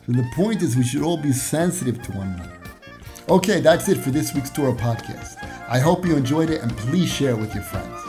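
Over background music, a man with a medium-pitched, expressive voice talks a little fast as he hosts a podcast and teaches Torah. He keeps it conversational, using daily-life examples and acting out little exchanges, and laughs softly from time to time.

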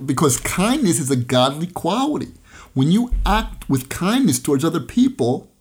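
A man's voice: a little high, darkish tone. Earnest man telling Torah stories. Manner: earnest, uses Yiddish and Hebrew terms. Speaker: Torah teacher. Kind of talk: storytelling Torah talk.

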